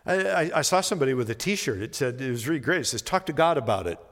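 A man's voice: medium pitch, sing-song. Preaching man in a reverberant hall. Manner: slow emphatic reading rising to impassioned pleas. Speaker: pastor. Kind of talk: sermon reading and explaining scripture.

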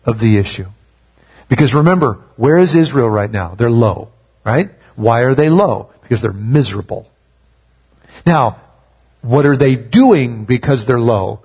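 Husky-voiced man preaching conversationally. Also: mid-range voice, a little mellow. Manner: conversational preaching with rhetorical questions. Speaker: pastor. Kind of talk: sermon.

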